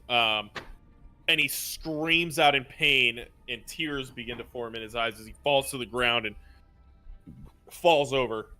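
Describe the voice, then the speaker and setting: A man narrating a tabletop role-playing game as game master, chatty and quick to laugh. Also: mid-range voice, bright, forceful tone. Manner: laughs often, loose and chatty.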